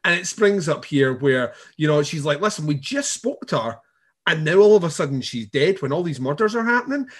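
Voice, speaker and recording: Animated man rambling through a show recap. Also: fairly high pitch, a little fast. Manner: rambling, swearing, laughing, many restarts. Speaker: podcast co-host. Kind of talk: casual chat recapping a TV show.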